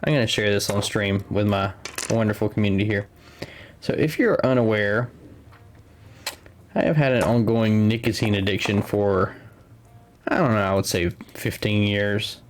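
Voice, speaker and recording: A man's voice: fairly low pitch, steady tone, normal speed, long pauses, a little hiss or hum. A man co-hosting a live tabletop game stream, chatting casually and laughing easily. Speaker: stream co-host and commentator.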